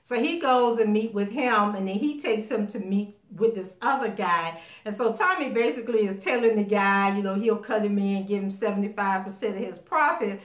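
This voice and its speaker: A woman giving a casual spoken recap of a TV episode, animated as she acts out the characters' lines. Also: mid-range voice, moderate pace, few pauses. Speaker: TV show recapper. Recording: roomy echo.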